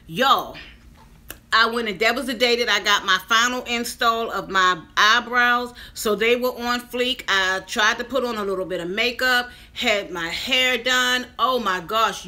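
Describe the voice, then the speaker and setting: A woman's voice: on the high side, sharp tone. A woman in her fifties telling a personal story to her viewers in a chatty vlog. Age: 50s. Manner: chatty, addresses viewers directly. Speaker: vlogger.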